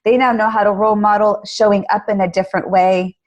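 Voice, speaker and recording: Animated woman guest telling stories. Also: mid-range voice, fast talker, highs cut off. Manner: animated storyteller. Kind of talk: conversational interview.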